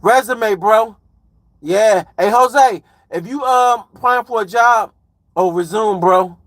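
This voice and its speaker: A man's voice: high voice, slow, fairly bright tone, dry recording. A man in his forties from Chicago, chatting loosely on a live stream and reading comments aloud in slangy, rambling talk. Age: 40s. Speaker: livestreamer and truck driver.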